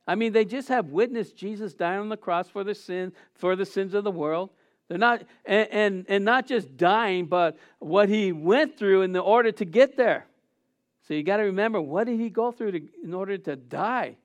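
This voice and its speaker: A man with a high, smooth and resonant voice preaching in church. He delivers the sermon with animation, drawing his congregation into call-and-response. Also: moderate pace. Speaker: pastor.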